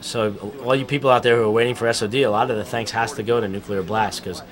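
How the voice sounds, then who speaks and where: A man's voice: fairly low pitch, fairly even intonation, quick pace, a crowd in the background. A man giving casual, profane, rambling commentary over a film, telling band stories.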